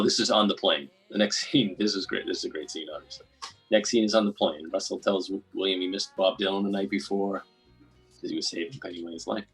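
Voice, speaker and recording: A man hosting a podcast, recapping a film in casual chat, rambling and acting out quotes in quick bursts. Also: low voice, husky, rough recording. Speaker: podcast host.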